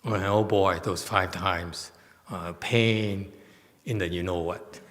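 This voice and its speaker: A man's voice: low-pitched, steady tone, slow, a bit bright. A man giving a Dharma talk to a meditation class in a temple hall, blunt, emphatic and self-mocking. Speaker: meditation teacher. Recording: long hall reverb.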